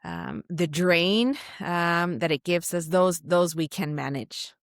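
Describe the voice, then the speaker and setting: A woman's voice: on the low side, takes it slowly, no echo, clean studio sound. A woman, a company CEO, talking reflectively as a podcast guest, often restarting her sentences. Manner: thoughtful, reflective, with frequent restarts and laughs. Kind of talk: conversational interview.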